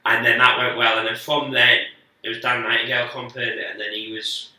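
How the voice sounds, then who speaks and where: A man's voice: mid-range voice, little pitch movement, brisk, sharp tone. A man, a guest comedian telling rambling, sweary, self-mocking stories on a podcast. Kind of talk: casual podcast storytelling. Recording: echoey room, speaker distant from the mic.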